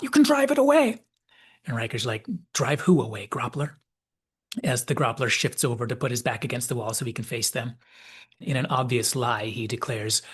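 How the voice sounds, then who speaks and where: A man hosting a video essay, giving measured, reflective commentary and reading out quoted dialogue. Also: medium pitch, a bit bright, husky. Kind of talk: analytical commentary.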